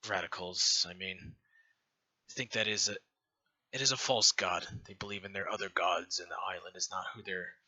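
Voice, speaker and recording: A gruff, worn-down rebel leader, as a man plays him, with a lowish, forceful, tense voice. He sounds grim and tired of a losing fight. This is tabletop role-play. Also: exaggerated voice, low-quality recording. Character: weary male rebel leader on a cursed island.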